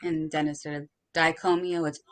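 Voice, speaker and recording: A woman in a casual chat, explaining things slowly and carefully and laughing often. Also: low-pitched, level tone. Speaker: podcast participant.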